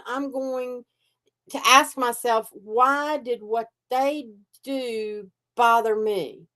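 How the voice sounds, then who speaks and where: Reflective woman podcast co-host. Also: on the high side. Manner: reflective, thinks aloud with restarts. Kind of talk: casual conversational podcast chat.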